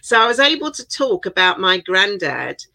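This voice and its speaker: A woman's voice: medium pitch, sing-song, normal speed, creaky, pushed and bright, rough recording. An older woman from England, an author talking as a guest in a casual interview, chatty and laughing often.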